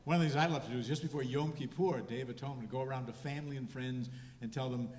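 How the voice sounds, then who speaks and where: A man in his seventies delivers stand-up with a dry, deadpan touch and a mid-range voice. He is recorded live in a hall, so his voice rings with a long, roomy echo and faint noise underneath. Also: medium pitch, rapid-fire. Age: 70s. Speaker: stand-up comedian and rabbi. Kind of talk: stand-up comedy set. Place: hall before a live audience.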